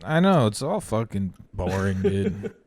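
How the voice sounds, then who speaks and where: A man's voice: lowish voice, big pitch swings, unhurried, darkish tone, no echo. A man co-hosting a comedy podcast, telling rambling, profane stories in casual chat and acting out the quotes. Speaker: podcast co-host.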